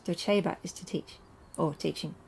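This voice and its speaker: A woman's voice: on the low side, moderate pace, vocal fry, a little hiss or hum. A middle-aged woman reading Latin scripture aloud and translating it line by line in a casual home lesson, thinking aloud as she goes. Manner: thinks aloud, chuckles at own slips.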